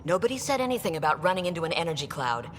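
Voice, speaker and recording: An actress playing a tense, firm starship captain speaking with urgency. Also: female voice, on the low side, big pitch swings, very fast, a little hiss or hum. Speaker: ship captain.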